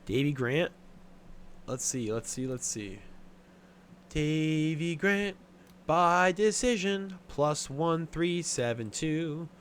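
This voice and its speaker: Running through picks on his sports betting show, a young man stays blunt and casual, swearing a lot and using many fillers. His fairly high voice is animated, he takes it slowly, and slight background noise is present.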